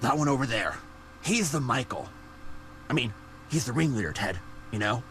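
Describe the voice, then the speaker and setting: A man's voice: medium pitch, animated, normal speed, fairly bright tone, a little hiss or hum, close to an everyday voice. An actor playing a paranoid, aging male caped vigilante in a video game, who talks in conspiratorial asides.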